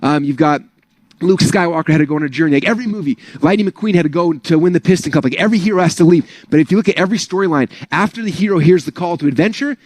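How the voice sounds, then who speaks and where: A man's voice: on the high side, rapid-fire, a little mellow, dry recording. A man giving a casual, rambling motivational talk to an audience of learners, full of "like" and "right?". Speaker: speaker at an online business training.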